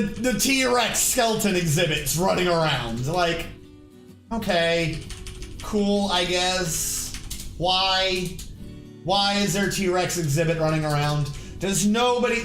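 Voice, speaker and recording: A man's voice: high voice, a bit bright, echoey room. A man streaming a game, chatting casually and rambling as he plays and answers his chat. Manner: rambling, chatty, reacts aloud and talks to chat. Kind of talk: casual live-stream commentary.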